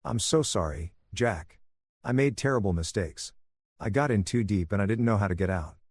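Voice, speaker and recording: A desperate, tearful wife caught in her own scheme, pleading and apologizing, as a male narrator puts her on in a story reading. The voice sits fairly low with only a small lift for her. The sound is dry and close, with no room around it. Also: normal speed, a little mellow, husky, no echo.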